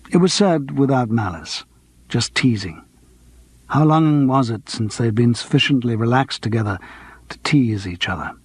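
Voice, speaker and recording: A man narrating a cozy mystery audiobook in a measured, dry manner. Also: mid-range voice, expressive, slightly rough, no room sound. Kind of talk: scripted narration.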